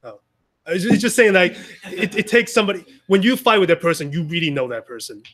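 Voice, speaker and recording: Brisk and high-pitched, the man's voice comes across a bit bright. He shares an informal Sunday message with a small group in a conversational style, frequently restarting and adding asides.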